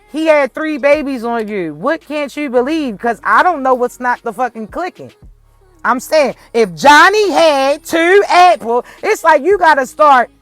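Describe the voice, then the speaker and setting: A woman's voice: high voice, a bit bright, dry recording. A woman giving a casual spiritual message to viewers, speaking bluntly and swearing freely. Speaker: spiritual reader.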